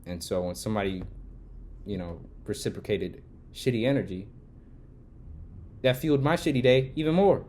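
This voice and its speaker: A man's voice: lowish voice, moderate pace, long pauses, slight background noise. A man vlogging a casual storytime rant, swearing and getting heated as he tells it. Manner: heated, swearing, gets loud when retelling the argument. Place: Los Angeles.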